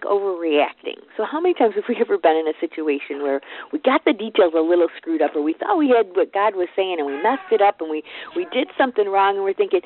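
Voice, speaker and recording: A woman's voice: medium pitch, expressive, fast, a little hiss or hum. Woman giving a devotional over a tinny line. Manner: conversational, retelling scripture with casual asides. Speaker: devotional speaker to a business team. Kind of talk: informal Bible storytelling devotional. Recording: tinny phone-like, dry sound.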